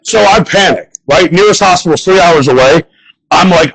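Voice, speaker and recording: A man's voice: fairly high pitch, a little fast, a bit bright, rough recording. A young man doing a stand-up set, telling rambling, crude stories full of swearing. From northern United States. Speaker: stand-up comedian. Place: bar stage before a live audience.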